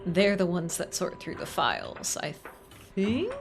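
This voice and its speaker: A woman's voice: lowish voice, wildly swooping pitch, moderate pace, music in the background. A woman streaming a game, chatting casually and reading the text aloud with emotional asides.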